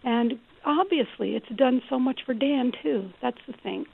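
Gravelly-voiced woman guest on a phone line. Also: sits high, measured pace. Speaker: author and guest. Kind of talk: call-in radio interview.

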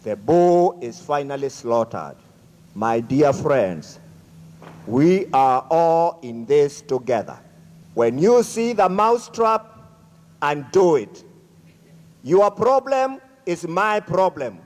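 A man telling a folk tale to an audience, slow and dramatic, speaking to them directly. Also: fairly high pitch, sing-song, darkish tone. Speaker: storyteller. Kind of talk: animated folk-tale storytelling. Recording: echoey hall.

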